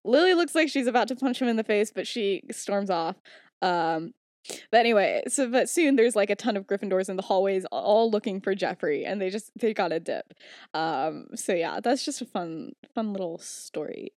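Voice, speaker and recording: A woman's voice: mid-range voice, lively intonation, normal speed, darkish tone. A young woman co-hosting a podcast, casually telling a story in a chatty, giggly way. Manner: chatty, giggly, many fillers. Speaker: podcast co-host. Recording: echoey room.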